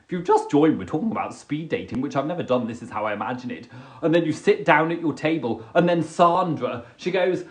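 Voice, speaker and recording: A man's voice: on the high side, animated, moderate pace. A man hosting a live stream in casual chat, who repeats and restarts his words often. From England. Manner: chatty, stammering restarts, giggly.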